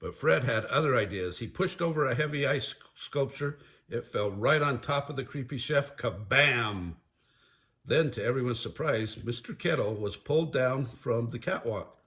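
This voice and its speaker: An older man reading a children's storybook aloud in a slow, animated storytelling manner. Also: medium pitch. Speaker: storybook reader.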